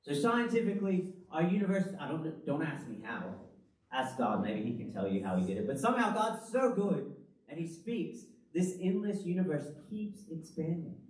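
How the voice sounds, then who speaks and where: A man preaching a sermon as pastor, in an animated, conversational style full of rhetorical questions. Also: fairly high pitch, normal speed. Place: church hall. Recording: very echoey hall, from the far mic.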